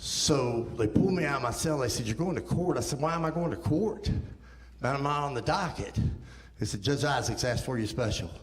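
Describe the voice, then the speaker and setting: A man's voice: mid-range voice, lively intonation, a little fast. A man in his thirties giving a guest testimony at church, telling his life story with impassioned, rising emotion. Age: 30s. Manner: impassioned storytelling, rising to near-shouting at peaks. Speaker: guest speaker. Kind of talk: testimony talk. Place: church sanctuary. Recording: roomy church hall reverb.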